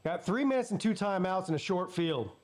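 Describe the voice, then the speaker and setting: Southern guy calling the game live, high voice, gets loud and excited on big plays. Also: fairly quick. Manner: excitable play-by-play, jumps up in pitch on big plays. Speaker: sports streamer host. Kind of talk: live watch-party commentary.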